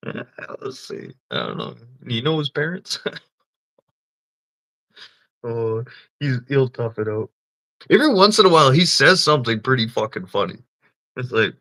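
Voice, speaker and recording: A man's voice: lowish voice, measured pace, long pauses, bright, forceful tone, no room sound, poor audio. A man chatting casually on a livestream, often swearing, laughing and teasing. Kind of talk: casual live-stream chat.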